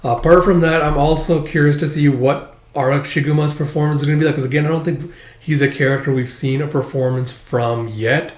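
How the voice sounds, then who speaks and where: A man with a fairly high voice rambles through a casual manga chapter recap, leaning on "like" and "uh" between thoughts. His voice rings with echo from a roomy space. He sounds loose and unscripted. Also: fairly even intonation, brisk. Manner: rambling, heavy use of "like" and "uh" fillers.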